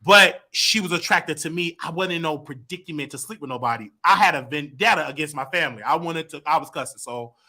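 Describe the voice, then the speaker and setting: This is a man, speaking as a guest and recounting a personal story. His voice sits high and has a sharp, bright edge. He narrates with lively energy and often slips into loud impressions of the people in his story. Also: a little fast, few pauses. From Chicago. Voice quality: expressive, swings into loud quoted voices.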